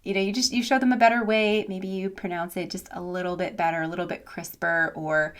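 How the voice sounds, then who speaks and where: A woman's voice: lowish voice, a little fast, clear, resonant tone. Chatty woman teacher telling class stories. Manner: chatty, animated, lots of "like" and laughs. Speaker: online English teacher. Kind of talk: casual vlog storytelling.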